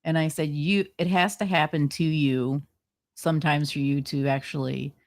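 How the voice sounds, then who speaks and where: A woman's voice: low-pitched, fairly even intonation, moderate pace. A woman co-hosting a podcast, telling her stories in a chatty way with lots of fillers and laughs. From New Jersey. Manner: chatty storyteller, laughs often, many "like" fillers. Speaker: co-host, paranormal investigator. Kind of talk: casual podcast chat.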